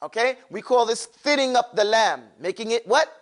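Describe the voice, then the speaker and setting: A man's voice: very high-pitched, animated, moderate pace. A man teaching a classroom lesson, drawing out sounds for students to repeat and adding playful asides. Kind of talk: classroom lesson with call-and-response drills.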